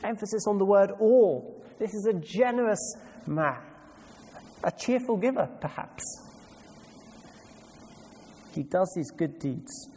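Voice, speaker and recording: A man's voice: sits high, lively intonation, measured pace, mellow, a little hiss or hum. A man preaching a sermon with emphasis, putting questions to his congregation. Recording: long reverb hall, faint ambience.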